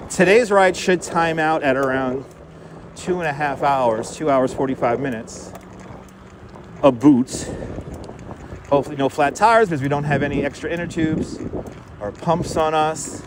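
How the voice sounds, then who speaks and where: A man live-streaming while riding a bike through city streets, chatting casually and greeting viewers by name on a clip-on wireless mic. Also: a little high. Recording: wind and traffic noise outdoors.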